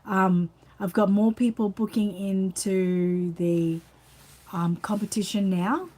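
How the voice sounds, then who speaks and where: A woman's voice: medium pitch, steady tone, slow, warm tone. An Australian woman hosting a casual live chat, rambling and reading out viewer comments while tired and yawning. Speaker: channel host.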